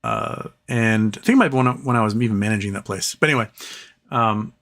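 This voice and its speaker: A man's voice: lowish voice, fast talker, fairly bright tone. Man, live show host, casual storytelling, rambling, swears a lot, repeats lines for effect.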